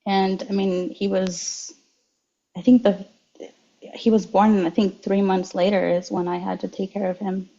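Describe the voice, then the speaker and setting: Soft, flat-voiced woman recounting her past. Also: medium pitch, highs cut off. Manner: slow, reflective storytelling with frequent restarts. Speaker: guest. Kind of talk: personal testimony in an interview.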